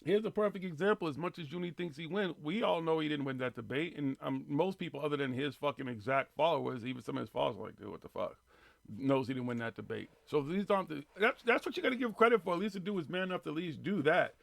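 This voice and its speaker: Male radio host, quick and gravelly, swears freely, dry close sound. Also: fairly high pitch, no room sound. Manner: profane, ranting, laid-back slang. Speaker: host of a paranormal live radio show. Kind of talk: casual live radio chat.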